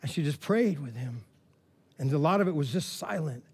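Man, pastor, casual sermon, lively storytelling, fairly high voice. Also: normal speed, husky. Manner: casual, animated storytelling with frequent "man" and "all right"; rising to loud excited preaching.

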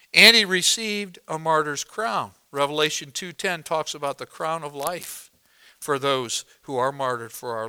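A man preaching a sermon as pastor, swinging between hushed moments and loud, emphatic climaxes. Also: on the high side, clear, resonant tone.

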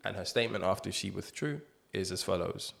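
A man's voice: low voice, expressive, fairly quick, gravelly, fairly bright tone. A man hosting a podcast, chatting casually, swearing, and joking as he reads out statements. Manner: profane, joking, mock-reads quotes. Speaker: podcast host. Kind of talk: casual chat.

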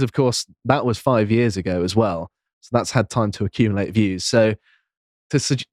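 A man's voice: medium pitch, dry recording, studio quality. A man co-hosting a political podcast, casually explaining and reading out quotes with frequent ums. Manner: reads quotes aloud, measured, frequent ums. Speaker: podcast co-host.

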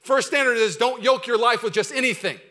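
A man preaching a sermon as pastor, animated and exhorting, calling on the congregation to repeat his words. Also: very high-pitched, fairly quick. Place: church sanctuary.

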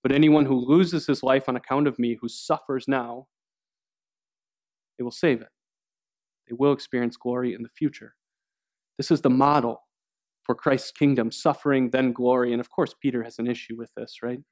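A man delivering a sermon in a measured, earnest way. His voice sits at an ordinary middle pitch, and he stops and restarts now and then as he works through a point. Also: fairly even intonation, darkish tone. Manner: earnest preaching, acts out quoted voices with rising pitch. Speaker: pastor.

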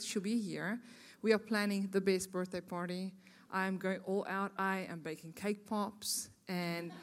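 A woman in her thirties with a South African accent, speaking as a guest at a women's ministry event, chatty and joking with the audience. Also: medium pitch.

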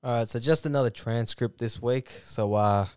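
A man's voice: medium pitch, normal speed, very noisy. An Australian man co-hosting a podcast, casually retelling a story with lots of ums and laughs. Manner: rambling, many fillers, laughs while telling. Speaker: podcast co-host.

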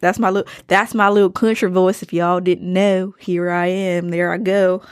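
A woman's voice: fairly low pitch, little pitch movement, measured pace, smooth, no room sound, clean studio sound. A young woman from Maryland hosting her own podcast in casual chat, rambling and slangy with plenty of swearing. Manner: rambling, slangy and profane, drifting off topic. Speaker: podcast host.

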